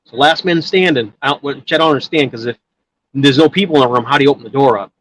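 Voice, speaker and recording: A man's voice: medium pitch, fast talker, a bit bright, rough recording. A man telling a long personal story in casual chat, rambling with many restarts and filler words. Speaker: guest storyteller.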